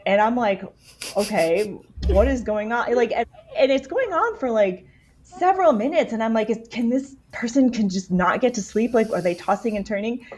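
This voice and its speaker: A woman with a fairly high voice recounts a travel story as a podcast guest. Her delivery is lively and chatty, full of "like" and quick asides. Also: slight background noise. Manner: animated, fills speech with "like". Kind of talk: casual storytelling.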